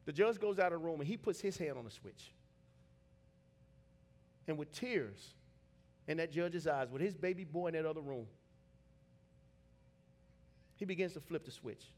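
Man, sermon, dramatic storytelling, high voice. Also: lively intonation, normal speed, long pauses. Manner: dramatic storytelling, builds to shouting climaxes. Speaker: preacher.

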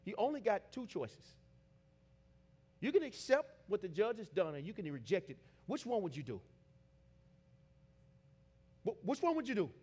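A man preaching a sermon, telling a dramatic story that builds to shouted climaxes. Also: sits high, sing-song, moderate pace, long pauses, breathy edge.

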